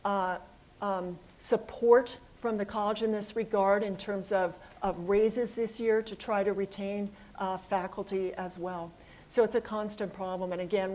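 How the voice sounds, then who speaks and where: A middle-aged woman, a college dean, answering audience questions in a hall, a little hoarse and pausing with ums and uhs. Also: medium pitch, darkish tone. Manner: thoughtful, with frequent ums and uhs. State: losing her voice a little. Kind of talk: public address with audience Q&A. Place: assembly hall.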